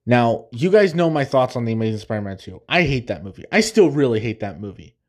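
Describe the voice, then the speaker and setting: A man hosting a podcast enthusiastically rambles through a spoiler-heavy film breakdown, sometimes laughing and humming movie themes. His voice is medium-pitched with big pitch swings, and he talks fast.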